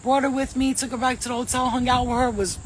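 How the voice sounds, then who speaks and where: A woman's voice: high-pitched, fast talker, noisy background. A woman, a psychic medium and host, telling a story to a live audience in casual, streetwise slang, with lots of swearing. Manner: animated, profane, streetwise slang.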